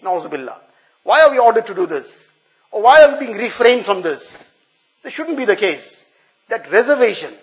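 A man's voice: high-pitched, muffled recording. A male preacher giving an earnest, explanatory sermon, repeating phrases for emphasis.

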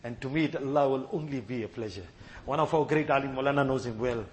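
A man's voice: mid-range voice, fast. A man preaching a sermon in a mosque gathering, then leading a fervent, pleading supplication with a sobbing, breaking voice. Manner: fervent pleading repetition of "Ya Allah".

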